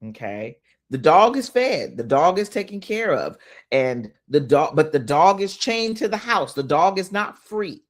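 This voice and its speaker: Animated woman coaching her live viewers. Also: low voice, measured pace. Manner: animated, talks straight to viewers, reads out comments; emphatic, swings between loud bursts and quiet asides. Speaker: business and mindset coach. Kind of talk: casual motivational live stream.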